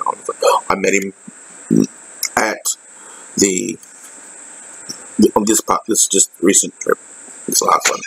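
An Australian man speaks in a personal video diary, his delivery halting and full of fillers and restarts. His voice is very deep, with a husky edge. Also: little pitch movement, fairly bright tone, poor audio. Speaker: vlogger.

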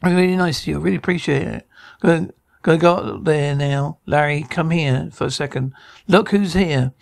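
A man's voice: a little high, moderate pace, creaky. A man acting out every part of a sitcom scene alone, in a bickering, flustered comic delivery full of stammers and restarts.

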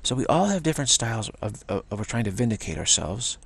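A man's voice: fairly low pitch, sing-song, fast, vocal fry, a bit bright, husky. A man giving a rambling, reflective spiritual talk, repeating himself and acting out the voices of people he quotes. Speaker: spiritual speaker.

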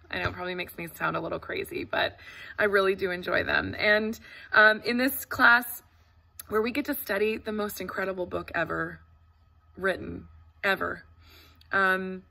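A woman's voice: mid-range voice, creaky, bright, forceful tone. A woman teacher speaking to parents in an empty classroom, earnest and effusive, with many fillers and restarts. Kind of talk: casual welcome talk to parents.

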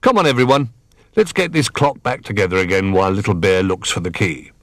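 A man voicing Old Bear, a wise and patient old male teddy bear who speaks calmly, in a storybook reading. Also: on the low side, fairly quick, no room sound, studio quality. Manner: calm and patient.

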